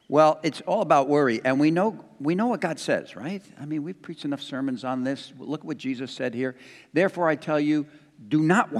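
Older pastor preaching in an echoing hall. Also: male voice, medium pitch. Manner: folksy and joking, with frequent fillers and restarts. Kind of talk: conversational sermon. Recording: long reverb of a large hall.

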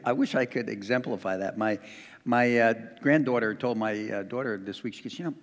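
An older man preaching a relaxed, conversational sermon, stumbling over fillers and cracking small jokes. His voice sits at a middle pitch for a man. It carries the long reverb of a large hall. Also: a little fast. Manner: folksy and joking, with frequent fillers and restarts. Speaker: pastor.

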